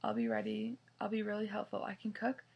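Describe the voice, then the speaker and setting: A woman reading the part of an eager, bubbly girl in a storybook, her voice husky. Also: mid-range voice, sing-song, brisk, dull audio, full character voice. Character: eager girl who lived with robbers.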